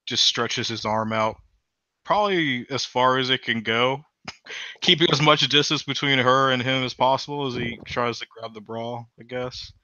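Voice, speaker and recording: Bright-voiced hesitant male player. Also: mid-range voice, normal speed, no room sound, highs cut off. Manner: hesitant, filler-heavy. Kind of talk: describing his character's actions.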